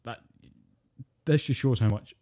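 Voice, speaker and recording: A man's voice: medium pitch, a little slow, mellow. A British man co-hosting a podcast, chatting casually, swearing freely and cracking jokes with easy laughter. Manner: profane, jokey, laughs easily. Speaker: podcast co-host. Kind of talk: casual chat.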